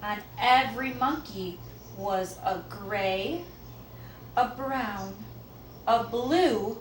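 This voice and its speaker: A woman reading picture books aloud to children, expressive and asking listeners questions. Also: on the high side, drawn-out words. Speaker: children's story reader. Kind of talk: picture book read-aloud. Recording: roomy echo, faint background noise.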